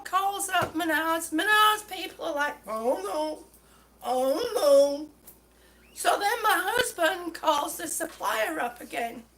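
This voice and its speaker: A woman's voice: very high-pitched, pushed and bright, a little hiss or hum. A woman telling an exasperated story to her viewers, stumbling over her words and short of breath. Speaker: vlogger. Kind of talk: ranting story to camera.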